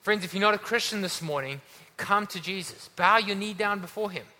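A man's voice: high-pitched, a little fast, bright, forceful tone. A man preaching a sermon to a church congregation, earnest and urging his listeners. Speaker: pastor. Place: church hall. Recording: long hall reverb.

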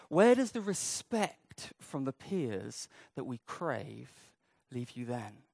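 A man's voice: medium pitch, vocal fry, darkish tone, no echo. A man preaching a sermon in a humorous, conversational way, acting out little quoted scenes.

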